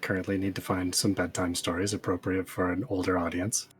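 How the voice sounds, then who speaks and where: Brief: calm male gamer, lowish voice, dry deadpan delivery. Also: faint music behind. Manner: measured, deadpan. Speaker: gamer in voice chat. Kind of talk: casual voice chat banter.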